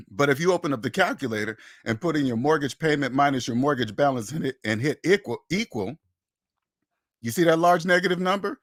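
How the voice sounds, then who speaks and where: A man's voice: fairly high pitch, animated, a little fast, dry recording, clean studio sound. A man hosting a personal finance channel, delivering an emphatic, preachy monologue that repeats phrases and acts out imagined back-and-forth dialogues. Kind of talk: opinionated monologue to camera.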